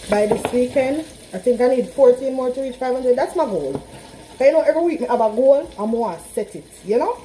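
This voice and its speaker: Chatting casually to her viewers while cooking at home, a Trinidadian-accented woman has a slightly high voice with a dark tone. The rough recording carries a little hiss or hum, plus the frying and sizzling of a pan.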